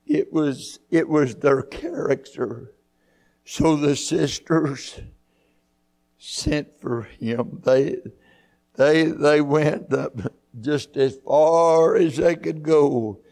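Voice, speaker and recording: A man preaching a church sermon, fervent, rising to loud high peaks and throwing in hallelujahs. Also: very slow, creaky. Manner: punctuates with hallelujahs and amens. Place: church sanctuary.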